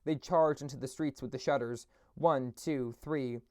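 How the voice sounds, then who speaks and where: A man's voice: mid-range voice, a little slow, no room sound, clean studio sound. Man reading a classic novel aloud. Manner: steady reading with occasional slips and restarts. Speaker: audiobook reader.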